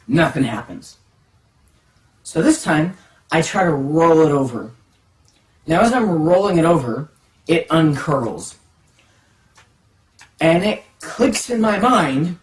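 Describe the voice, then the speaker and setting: A lively storyteller recounts a comic childhood tale, dropping to hushed tones and then bursting into excited highs. The voice moves a lot in pitch. It sounds roomy and a little distant from the mic. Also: measured pace, pauses often. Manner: animated, dramatic swings from hushed to excited. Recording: echoey room, distant mic, faint music.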